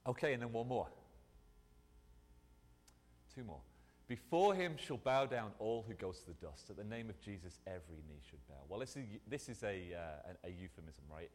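A man preaching a sermon in a lively, conversational way, often restarting his phrases. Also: on the low side, moderate pace. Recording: long hall reverb.

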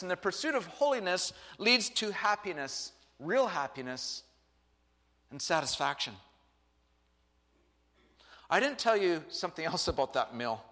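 A man's voice: sits high, a bit bright. A male pastor preaching a conversational sermon with joking asides, then interviewing a guest. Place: church sanctuary. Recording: reverberant hall.

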